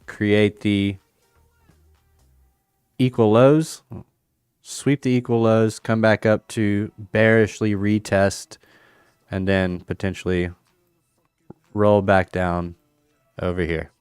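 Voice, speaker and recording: A man's voice: fairly low pitch, flat delivery, slow, long pauses, darkish tone, clean tone, dry recording, studio quality, faint music behind. A man streaming casually, thinking aloud about crypto charts and a chess game, with playful banter. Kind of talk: casual livestream chat over charts and chess.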